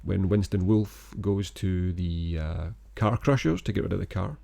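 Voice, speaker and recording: A man co-hosting a podcast, chatting about a film in a relaxed, rambling, enthusiastic way. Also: low voice, unhurried, vocal fry. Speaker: podcast co-host. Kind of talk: casual film-review chat.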